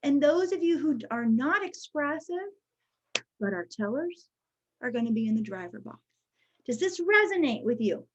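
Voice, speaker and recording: A woman leading an online training session, chatty and lively, checking in with her audience with a frequent "okay?". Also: high voice, normal speed, slightly rough, muffled recording. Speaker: workshop presenter.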